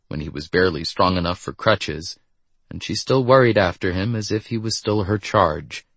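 A man narrating a story in a steady audiobook reading. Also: fairly low pitch, husky, no room sound.

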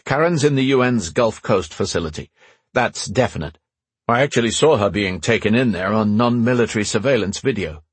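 A man voicing a calm, matter-of-fact male artificial intelligence who talks in a measured, analytical way. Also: fairly low pitch, slightly rough, no room sound.

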